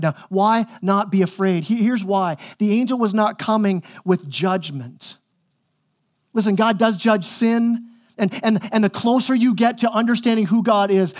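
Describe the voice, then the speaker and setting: Male pastor, higher register, conversational and emphatic sermon delivery with frequent repetition. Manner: conversational and emphatic, repeats words when pressing a point.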